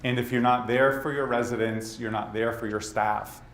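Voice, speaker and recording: A man with a Boston accent giving a presentation at a leadership summit, talking straight to the audience and tossing in quick asides. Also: mid-range voice, fairly even intonation, fairly bright tone. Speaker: conference speaker. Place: conference hall. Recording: roomy hall with faint background noise.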